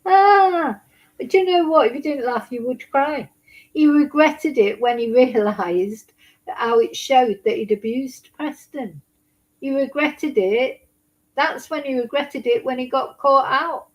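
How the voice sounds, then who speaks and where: A woman's voice: high-pitched, slow pace, rough recording. A woman giving blunt, indignant casual commentary on a trial report, swearing now and then. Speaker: true crime commentator.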